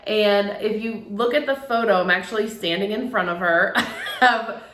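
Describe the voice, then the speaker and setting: Her tone fairly bright and her pitch medium, a middle-aged woman speaks at an ordinary pace. She's a photographer recounting something personal with candor and emotion, dotting it with fillers and bursts of laughter, recorded in a room with echo.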